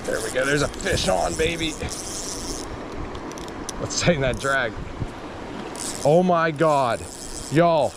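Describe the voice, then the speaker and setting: A man fishing on a river, giving excited commentary to the camera and exclaiming over and over. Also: on the high side, takes it slowly, gravelly, long pauses, background noise. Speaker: fishing vlogger. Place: outdoors by a river.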